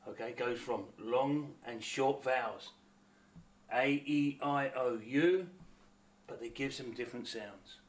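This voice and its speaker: A patient Australian man teaching vowel sounds at a very slow, deliberate pace. His voice sits at an everyday middle pitch. He spells words out letter by letter, the way a teacher would for a class. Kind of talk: phonics lesson to camera.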